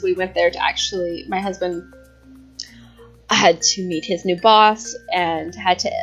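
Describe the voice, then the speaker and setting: Young woman host, chatty and rambling, slightly breathless, mid pitch, soft music behind. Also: highs cut off. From California. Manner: chatty and rambling, with fillers and giggles. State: a bit out of breath. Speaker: YouTube host. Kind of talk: casual chat over gameplay.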